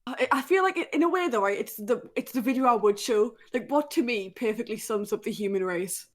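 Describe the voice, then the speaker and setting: A woman's voice: on the high side, expressive, fairly quick. A young woman hosting a comedy podcast, chatting casually with crude jokes and plenty of swearing. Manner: crude, joking, swears freely. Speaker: podcast host.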